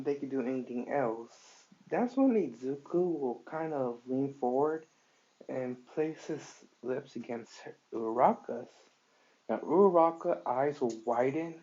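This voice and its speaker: Male storyteller, slow and halting, dull lo-fi recording. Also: mid-range voice, a little mellow. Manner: halting, many fillers. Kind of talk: improvised fan story narration.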